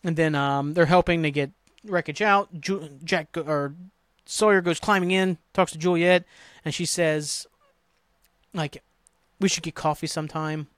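A man's voice: a little high, a little slow, a bit bright, no room sound. Griping, rambling man recapping TV. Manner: rambling, profane, exasperated griping. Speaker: podcast host. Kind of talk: casual TV episode recap.

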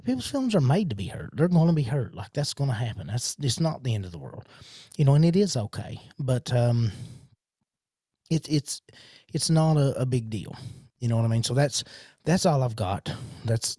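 A man's voice: medium pitch, a little mellow, dry recording. Guy rambling alone on his podcast mic, stops and restarts a lot, dry close sound. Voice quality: self-described horrible accent. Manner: rambling, many restarts and fillers. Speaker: podcast host. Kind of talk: casual solo podcast rambling. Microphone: studio podcast mic.

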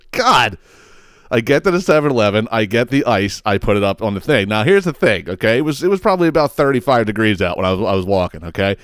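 A man's voice: fairly low pitch, sing-song, a little fast, dry recording, studio quality. A man hosting a podcast, telling a rambling, profane story in a casual monologue, often stumbling over his words and laughing at himself. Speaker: podcast host.

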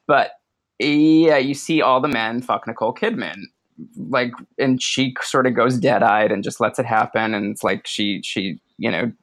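A man chatting casually on a podcast about a film, talking in quick, profane bursts with laughs. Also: mid-range voice, a bit bright, dry recording. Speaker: podcast co-host. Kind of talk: casual film-discussion chat.

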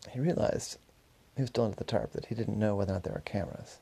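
A man tells a story off the cuff, stumbling and correcting himself as he goes. His voice is low and gravelly, with a dark, slightly husky tone. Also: fast. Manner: loose, with restarts and self-corrections. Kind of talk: improvised story narration.

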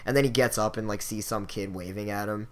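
A young man with a slightly low voice hosts a casual podcast chat. He rambles through a story, swears freely and pads his sentences with filler words. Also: fairly even intonation, fairly quick. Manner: loose, profane, filler-heavy storytelling. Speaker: podcast host.

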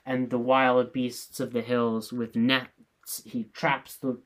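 A man reading the chorus part of a play, reciting slowly and in a measured way. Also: medium pitch, flat delivery, close to an everyday voice, rough recording. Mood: solemn. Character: solemn chorus of old men.

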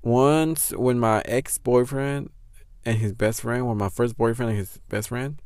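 A man's voice: mid-range voice, steady tone, a little slow, a little mellow, clean tone. A young man, hosting a podcast and telling a story in a frank, profane way, slipping Spanish phrases into English. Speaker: podcast host. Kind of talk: casual storytelling monologue.

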